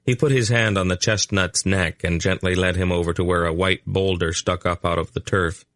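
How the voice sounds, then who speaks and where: A male audiobook narrator reading a story in an even, measured way. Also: deep voice, dry recording. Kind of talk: scripted narration.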